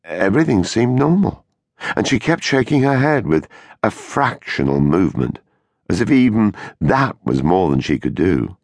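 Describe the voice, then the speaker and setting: A man reading an audiobook in a measured, suspenseful storytelling way, recorded on a close studio mic. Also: on the low side, very animated, gravelly, darkish tone, no room sound. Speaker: audiobook narrator. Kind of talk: scripted audiobook narration.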